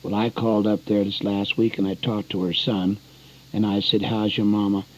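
A man's voice: lowish voice, flat delivery, moderate pace. An older man preaching an earnest, folksy radio sermon, often calling his listeners friends. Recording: dull lo-fi radio broadcast.

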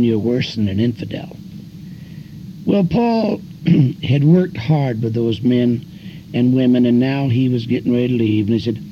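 Older evangelist man, folksy and rising. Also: slight background noise. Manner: folksy storytelling preacher, voice climbing high in emphasis. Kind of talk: sermon. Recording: dull lo-fi recording with faint music.

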